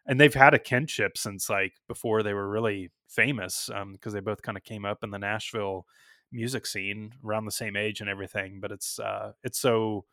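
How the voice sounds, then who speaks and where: A man's voice: fairly low pitch, steady tone, normal speed, sharp tone, no room sound, clean studio sound. A man hosting a casual music podcast, rambling a little with frequent ums and restarts. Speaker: podcast host.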